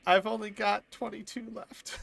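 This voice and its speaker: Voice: mid-range voice, little pitch movement, unhurried, creaky, a bit bright. A streamer doing live commentary over a hard video game, exclaiming at each death and laughing it off.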